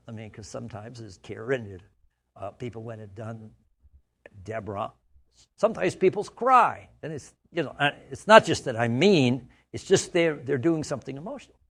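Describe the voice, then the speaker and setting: Captured on a studio mic, a man from the United States leads a training session in a chatty, story-driven style, frequently asking "right?" His voice is medium-pitched and expressive, at a normal speed.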